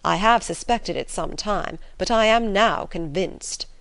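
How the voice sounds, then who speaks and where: A woman reading the part of a sardonic older father in an audiobook, measured and ironic. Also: mid-range voice, vocal fry, a bit bright, no room sound.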